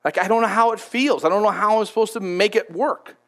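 High-voiced, conversational preacher. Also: male voice, brisk, fairly bright tone. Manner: conversational, emphatic, repeats words. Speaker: pastor. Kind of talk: sermon.

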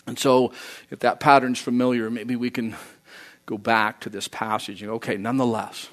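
A man preaching a sermon, animated, acting out quoted voices and swinging from loud to soft. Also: medium pitch, moderate pace. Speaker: pastor.

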